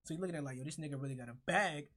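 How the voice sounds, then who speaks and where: A man's voice: fairly high pitch, racing, a bit bright. A man co-hosting a podcast, chatting casually about basketball with loose slang and heavy cursing. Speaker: podcast co-host. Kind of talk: casual sports chat.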